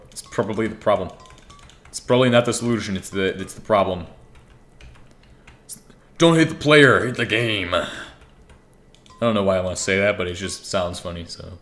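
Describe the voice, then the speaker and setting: Young guy with a lowish voice, rambling and cussing while he plays, keys clacking behind. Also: a bit bright. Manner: rambling, swears freely, talks to himself. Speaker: gaming streamer. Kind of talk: casual gameplay commentary.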